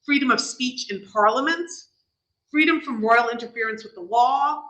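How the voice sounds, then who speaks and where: Bright-voiced New York woman lecturing. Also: a little high, normal speed, roomy sound, poor audio. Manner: explanatory, with frequent restarts and fillers. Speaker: guest lecturer. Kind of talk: informal lecture.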